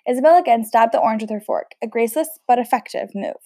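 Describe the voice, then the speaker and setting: A woman reads a novel aloud casually as an audiobook reader, now and then stumbling over words and chatting between passages. Her voice is a little high, expressive and warm, with a quick pace. The recording is dry and studio quality.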